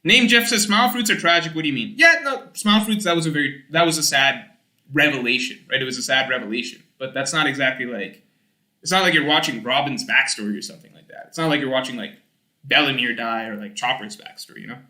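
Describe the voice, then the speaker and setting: A young man streaming, reading chat aloud and rambling in casual, animated talk with some swearing. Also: mid-range voice, fast, reverberant.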